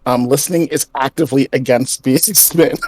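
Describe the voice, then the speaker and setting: A man player in a tabletop game who talks in a sheepish, halting way. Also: medium pitch, fairly even intonation, a little mellow, no echo. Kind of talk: casual tabletop game chat.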